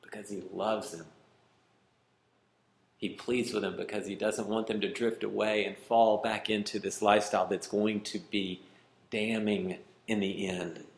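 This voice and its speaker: A male pastor preaching a sermon, pleading and emphatic, swinging from loud, high emphasis to quiet, low asides. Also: fairly even intonation, measured pace, roomy sound. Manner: pleading, rising to emphatic then dropping quiet.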